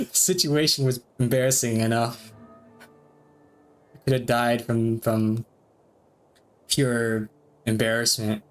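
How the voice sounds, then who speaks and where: A man streaming a game, reading its dialogue aloud between quick reactions and frequent laughs. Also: mid-range voice, expressive, soft background music. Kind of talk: let's-play commentary reading game text aloud.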